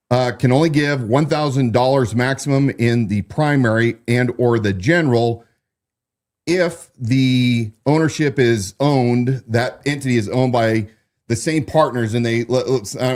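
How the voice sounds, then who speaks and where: A man's voice: mid-range voice, a little mellow. A man hosting a political commentary show, talking through accusations in an unscripted monologue, with frequent restarts and fillers. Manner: restarts and fillers, stumbles over explanations. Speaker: host.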